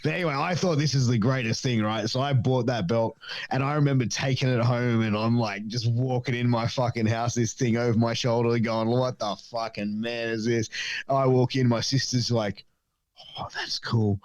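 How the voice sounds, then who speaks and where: A man's voice: medium pitch, steady tone, normal speed, no echo, lo-fi sound. Profane, rambling man. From Australia. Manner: rambling, profane, many fillers, acts out voices in stories. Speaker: podcast guest. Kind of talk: casual storytelling chat.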